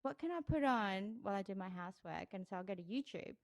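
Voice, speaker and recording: A woman speaking as a guest in a laid-back conversation. Her voice sits at a middle pitch for a woman. She talks chattily, stumbling into restarts and repeating phrases as she goes. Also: expressive, fast. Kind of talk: casual chat over beers. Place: indoors, relaxed room.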